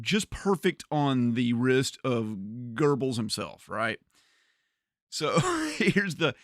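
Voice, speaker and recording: A man chatting casually on a gaming livestream, animated, often repeating words and laughing. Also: mid-range voice, creaky, dry recording, clean studio sound.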